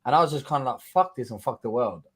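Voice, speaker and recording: A man's voice: mid-range voice, animated, fast talker, a bit bright, breathy edge. A man in his thirties with a London accent, telling his story in a casual interview, blunt and swearing freely as he acts out what people said. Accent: London English. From England. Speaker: guest fighter.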